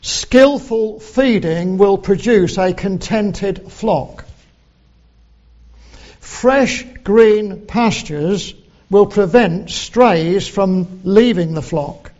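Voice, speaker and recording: Male preacher, sermon, high voice, slow deliberate delivery, dull lo-fi sound. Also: darkish tone. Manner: slow, deliberate, quoting scripture in old English.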